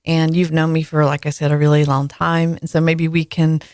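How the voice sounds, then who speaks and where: A woman's voice: deep voice, little pitch movement, normal speed, darkish tone, dry recording, clean studio sound. A woman in her forties hosting a podcast, chatting candidly and telling personal stories with frequent fillers. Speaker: podcast host. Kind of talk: casual conversation.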